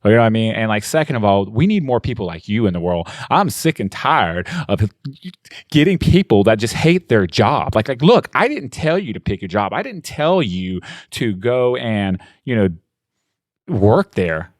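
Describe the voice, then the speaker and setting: A man's voice: lowish voice, sing-song, normal speed, no echo, clean studio sound. A man hosting a podcast, telling a story in a rambling, casual way, often asking "you know what I mean" and laughing as he talks. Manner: laughs often while talking. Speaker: podcast host.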